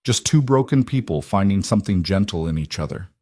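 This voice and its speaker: A man narrates a scripted romance story in a low, measured voice. The sound is dry and close to the mic, and he reads it steadily. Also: expressive, mellow, no echo.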